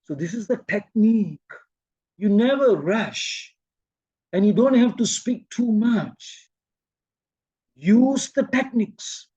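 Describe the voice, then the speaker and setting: A man from Malaysia teaching a presentation-skills workshop, speaking slowly and deliberately and quizzing his audience. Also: high-pitched, animated, warm tone, slightly rough, no room sound, dull audio.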